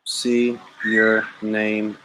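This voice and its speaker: A man's voice: on the low side, completely flat delivery, extremely slow, fairly bright tone, rough recording. A man hosting a boxing talk livestream, joking around in casual slang and repeating catchphrases. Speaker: boxing talk show host.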